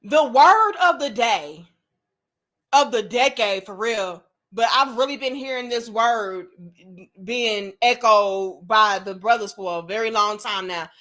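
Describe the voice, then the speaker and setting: Blunt, high-voiced woman ranting. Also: measured pace, fairly bright tone. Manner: blunt and profane, slips into mocking quoted voices. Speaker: commentary channel host. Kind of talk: opinionated monologue to camera.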